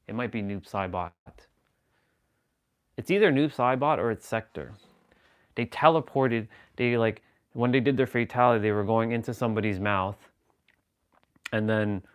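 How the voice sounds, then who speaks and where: A man hosts a live stream and talks loosely and off the cuff. He jokes with viewers and reacts to their comments as he goes. His voice sits a little low. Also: smooth. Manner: rambling, joking, reacting to chat. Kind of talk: casual live stream chat.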